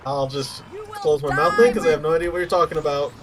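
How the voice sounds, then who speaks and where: A man's voice: fairly high pitch, steady tone, fast, noisy background. A man joining a let's play as co-player, chatting playfully and going off on tangents. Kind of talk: casual gameplay chat.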